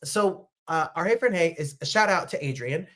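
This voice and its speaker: A man from New Jersey hosting a talk show, chatting casually with gushing, animated asides. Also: fairly high pitch, normal speed. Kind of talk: casual livestream chat.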